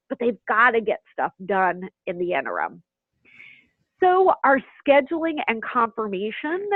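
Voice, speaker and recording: A woman's voice: on the high side, no echo. A chatty woman presents a practice management webinar. She slips into playful voices of schedulers and patients as she goes. Her voice sounds thin and tinny, as if over a phone line, with no room sound at all. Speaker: healthcare practice management speaker.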